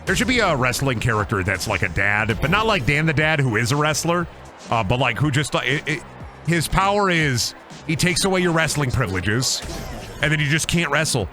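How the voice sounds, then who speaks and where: A man's voice: on the high side, big pitch swings, brisk, pushed and bright, faint music behind. A man streaming a game, rambling and joking about wrestling in casual commentary. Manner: rambling, jokey, riffs on wrestling bits. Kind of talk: casual let's-play commentary.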